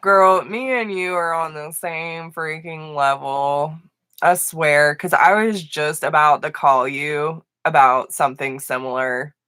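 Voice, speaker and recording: A woman's voice: sits low, fairly even intonation, slow, fairly bright tone, clean tone, no room sound. A woman giving live tarot readings, affectionate and emotional, laughing often. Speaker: tarot reader.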